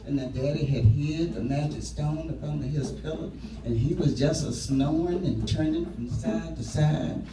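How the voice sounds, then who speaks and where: A man telling a story live to children, lively and drawing them in with call-and-response. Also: on the high side, normal speed, a crowd in the background. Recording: echoey room from far off, music behind.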